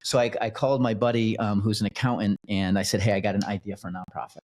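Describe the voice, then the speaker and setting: A man with a somewhat low voice shares his own story as a podcast guest. He talks casually and rambles, stumbling over restarts and repeated words as he goes. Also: flat delivery, fast, a little mellow. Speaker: podcast guest, nonprofit founder.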